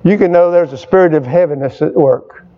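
An older pastor with a voice on the high side, speaking a little fast, preaches to a congregation that responds during the service. He calls out for amens and repeats his points emphatically, in a dull lo-fi recording.

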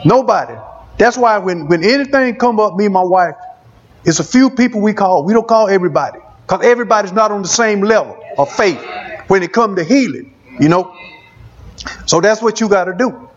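A man's voice: sits high, animated, brisk, dull audio. A man preaching a testimony sermon, repeating phrases for emphasis.

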